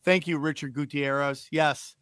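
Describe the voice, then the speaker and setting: A man's voice: a little high, steady tone, normal speed, a bit bright, smooth, no echo, clean studio sound. A man hosting a comedy podcast, joking and riffing casually. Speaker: podcast host.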